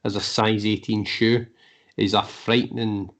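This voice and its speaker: A man's voice: lowish voice, little pitch movement, unhurried, fairly bright tone. A man co-hosting a casual basketball podcast, speaking with wry, dry humour and hesitant fillers. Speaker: podcast co-host. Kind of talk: casual chat.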